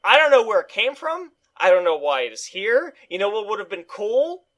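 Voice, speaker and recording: A man co-hosting a casual movie review chat, ranting in a profane, animated way. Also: high-pitched, moderate pace.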